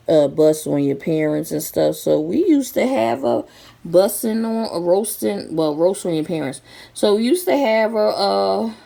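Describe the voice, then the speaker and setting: A woman's voice: fairly low pitch, creaky, mellow. A woman telling a story in a casual, rambling way, with many fillers and restarts, speaking. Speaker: vlogger.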